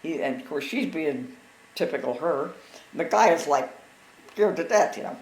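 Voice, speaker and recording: A woman in her sixties telling family stories in casual conversation, lively and acting out what others said. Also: low voice, moderate pace, long pauses. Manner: animated, acts out quotes of others. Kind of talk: casual storytelling. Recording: echoey room with faint background noise.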